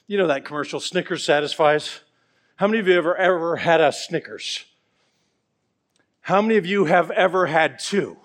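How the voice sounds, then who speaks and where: A man's voice: a little high, moderate pace. A middle-aged man preaching a sermon, earnest and pleading, telling stories along the way. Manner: earnest and pleading, with storytelling asides.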